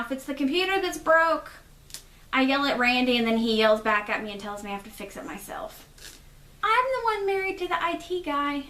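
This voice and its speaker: A woman's voice: high-pitched, fairly bright tone, roomy sound. A young woman hosting her podcast in a casual chat, a little stuffy from allergies, rambling with fillers. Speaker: podcast host.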